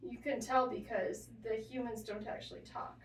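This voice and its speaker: Podcast co-host, woman, high voice, deadpan sarcasm, roomy distant mic. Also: moderate pace, slight background noise. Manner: dry sarcastic joking. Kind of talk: casual chat.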